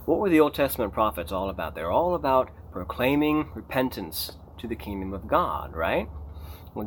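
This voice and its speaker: Animated preacher man, lively pitch swings. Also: a little hiss or hum. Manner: animated, emphatic, rising to a near shout on key points. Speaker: pastor. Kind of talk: unscripted sermon.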